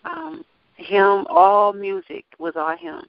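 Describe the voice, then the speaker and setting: A lively woman singer speaks in an interview with lots of energy, laughing as she talks. The sound is a bit muffled and dull. The room gives almost no echo. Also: medium pitch, slow, vocal fry. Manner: animated, testifying, laughs often. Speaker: gospel singer and label owner. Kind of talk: casual interview talk.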